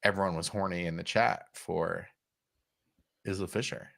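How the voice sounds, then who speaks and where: A man's voice: low-pitched, normal speed, vocal fry. A man co-hosting a pop culture podcast in casual chat, joking around and putting on exaggerated voices when he quotes people. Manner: animated, jokey, slips into exaggerated quoted voices. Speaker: podcast co-host.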